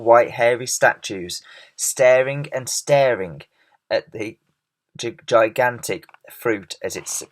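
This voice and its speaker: A man reading a children's storybook aloud, his voice at a medium pitch. He reads in an expressive, measured way, stumbling now and then over a word.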